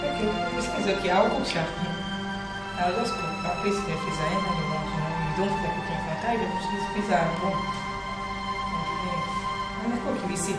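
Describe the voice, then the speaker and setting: A woman's voice: fairly low pitch, brisk, close to an everyday voice. An actress playing a pushy, scheming young woman with a Nigerian accent, insistently pressing favors in a wheedling way. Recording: echoey room with loud film music.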